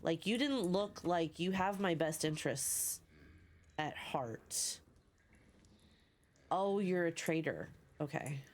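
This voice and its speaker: A woman streaming a game live. She is sleepy and excitable, swears freely and cheers her character on. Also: lowish voice, slow pace, pauses often. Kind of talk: casual live gameplay commentary.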